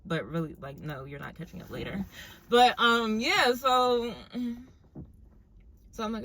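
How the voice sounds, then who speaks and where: A woman's voice: medium pitch, unhurried, long pauses. Chatty young woman telling a story. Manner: chatty, animated, filler-heavy. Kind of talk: casual storytime.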